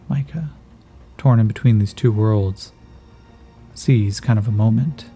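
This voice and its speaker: A man's voice: lowish voice, a little slow, long pauses, dark tone, faint music behind. A man narrating a solo tabletop role-playing game, thinking aloud and calling out dice rolls in a casual way.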